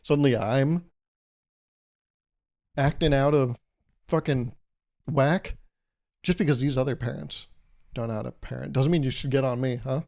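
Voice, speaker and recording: A man's voice: mid-range voice, fairly even intonation, moderate pace, vocal fry, pauses often, darkish tone. Rambling, jokey man in his twenties. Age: 20s. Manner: rambling, self-deprecating, jokey asides. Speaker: podcast host. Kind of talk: casual solo podcast monologue.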